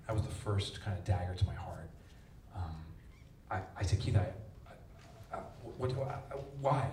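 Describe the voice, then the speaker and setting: A man giving a conference keynote, telling a personal story with strong emotion and a voice that jumps high on punchlines. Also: a little mellow. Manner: emotional storytelling, pitch rising sharply on punchlines. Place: large conference hall. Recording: echoey hall, distant mic, faint rumble.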